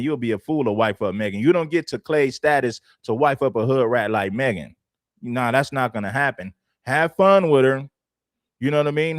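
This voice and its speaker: A man's voice: medium pitch, dry recording, studio quality. A man hosting a livestream, giving blunt, preachy opinions and repeating phrases for emphasis. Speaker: livestream host.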